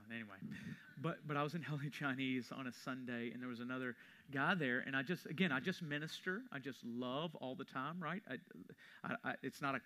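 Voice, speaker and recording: Bright-voiced pastor preaching. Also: male voice, medium pitch. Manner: conversational storytelling, rising to emphatic preaching. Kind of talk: sermon. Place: church sanctuary.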